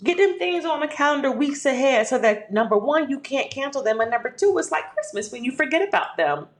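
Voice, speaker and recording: A woman with a somewhat high voice gives an emphatic motivational pep talk as a podcast host. She repeats her affirmations, calls the listener "baby", and the room around her sounds echoey. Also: very animated, a little fast.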